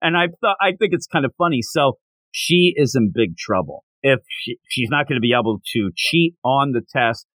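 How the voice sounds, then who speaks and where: A middle-aged man co-hosting a podcast, recapping a manga chapter in casual chat, animated and dropping into silly voices when quoting characters. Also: mid-range voice, normal speed, no room sound. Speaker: podcast co-host.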